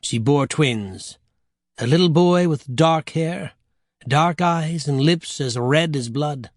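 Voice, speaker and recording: A man narrating an audiobook with measured, wry storytelling. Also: fairly high pitch, dry recording, studio quality.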